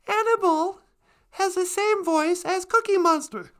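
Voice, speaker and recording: A woman's voice: very high voice, unhurried. A woman hosting a casual comedic live stream, playful and giggly.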